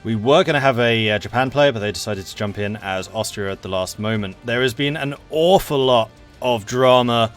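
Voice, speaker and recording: A man's voice: medium pitch, normal speed, few pauses, soft background music. A man hosting and commentating a multiplayer strategy game stream in a chatty, enthusiastic way. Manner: chatty, enthusiastic, laughs easily. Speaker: game match commentator and host.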